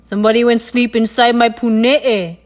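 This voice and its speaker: A woman voicing a father mongoose with a gruff voice and a Hawaiian Pidgin accent. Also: level tone, normal speed, natural voice. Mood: grumbling. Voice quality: deep, gruff. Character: gruff papa mongoose, grumbling.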